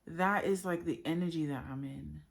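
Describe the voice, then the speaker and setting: A woman speaking in a heartfelt, unscripted monologue, emotional and halting as she searches for words about her inner journey. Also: low voice, vocal fry. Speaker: spiritual vlogger.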